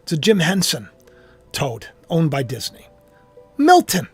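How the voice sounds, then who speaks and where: A man preaching to his online audience with impassioned spiritual commentary, repeating phrases emphatically and swinging from loud outbursts to hushed asides. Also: fairly high pitch, lively intonation, a little slow, slightly rough, faint music behind.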